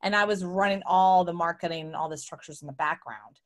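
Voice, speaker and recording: A woman's voice: lowish voice, brisk. A middle-aged woman, a guest entrepreneur, telling her story in a casual interview, acting out the voices she quotes. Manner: animated, acts out quoted voices.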